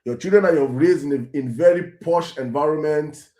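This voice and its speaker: A Nigerian man delivers a fired-up monologue as a show host, hammering points home by repeating them. His voice sits a little high for a man. The room around him rings with echo. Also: brisk, mellow. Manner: preachy, emphatic, repeats himself, slips into Pidgin. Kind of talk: impassioned commentary.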